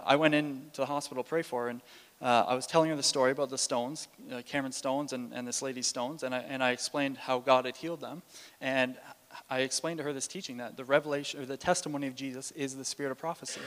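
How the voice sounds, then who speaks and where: A man's voice: medium pitch, a bit bright. Man preaching in a reverberant hall. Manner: storytelling with frequent restarts and fillers. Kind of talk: sermon.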